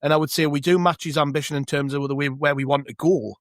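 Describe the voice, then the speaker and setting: A man's voice: a little high, steady tone, quick pace, dry recording, clean studio sound. A man with a North East English accent, co-hosting a football podcast, chatty and questioning as he tells a story. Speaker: podcast co-host. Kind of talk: casual football chat.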